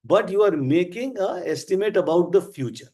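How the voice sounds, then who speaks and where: A man with an Indian English accent teaching a live class, explaining slowly and with emphasis. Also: high voice, expressive, mellow. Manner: slow, deliberate, emphatic explaining. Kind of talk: live online class lecture.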